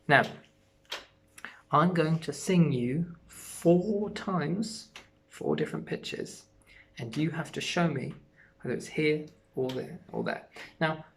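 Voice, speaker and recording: A primary school music teacher giving an online lesson to young children, speaking gently and encouragingly. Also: mid-range voice, creaky, slight background noise.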